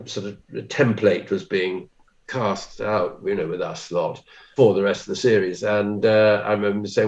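A man, an actor being interviewed, telling self-deprecating anecdotes with lively quoted asides. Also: lowish voice, normal speed, dull audio.

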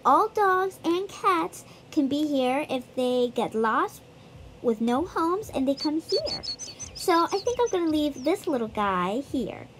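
Woman with a high voice chatting thru a phone game for her viewers, bit of hiss behind. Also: big pitch swings, takes it slowly, a bit bright. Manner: chatty, addresses viewers directly. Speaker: gaming YouTuber. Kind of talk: casual game walkthrough vlog.

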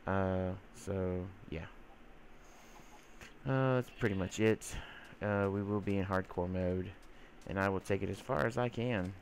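Low-pitched and measured in pace, a man narrates his gameplay casually over slight background noise. He rambles chattily with many fillers and sometimes uses teasing baby-talk on the creatures.

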